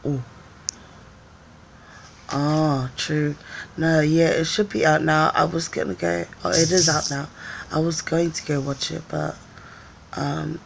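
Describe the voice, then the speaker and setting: A woman's voice: sits low, flat delivery, slow pace, creaky, pauses often, a little hiss or hum. A woman vlogger chatting casually on a live stream, telling stories and acting out other people's voices. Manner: chatty storyteller, acts out voices, laughs often.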